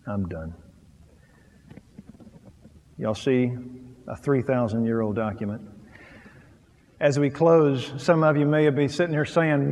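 High-voiced male preacher in a reverberant hall. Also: steady tone, a little slow, pauses often, muffled recording. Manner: swings from quiet, low asides to loud, rising emphasis; acts out little scenes. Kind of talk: sermon.

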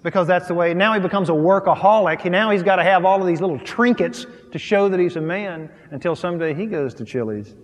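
Guy preaching a sermon, high voice, big echoey church, goes quiet then loud and punchy. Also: quick pace, few pauses. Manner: swings from quiet, low asides to loud, rising emphasis; acts out little scenes.

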